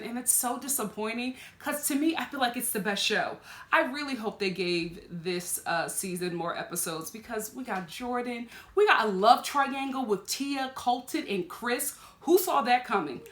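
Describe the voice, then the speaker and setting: A woman vlogger casually reviews a TV show with plenty of animation, laughing often and jumping into high exclamations. The recording sounds reverberant.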